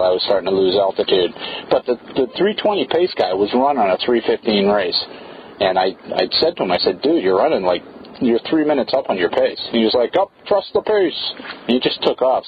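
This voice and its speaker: A man with a Boston accent chatting casually while jogging outdoors by a pond, rambling and talking to his dog. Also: mid-range voice. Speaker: podcast host. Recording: muffled outdoor recording with faint noise.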